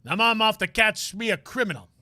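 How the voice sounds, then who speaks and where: A man voicing a loud, eager male police detective with a boisterous, folksy way of talking. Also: high voice, expressive, a little fast, no echo, voice pushed up, heavily acted. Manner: boisterous, folksy, calls people pal.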